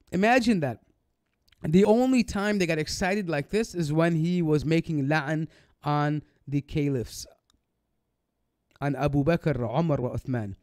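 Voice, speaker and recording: A man's voice: a little high, darkish tone, no room sound, clean studio sound. A man giving sarcastic, indignant commentary on a clip for an online video.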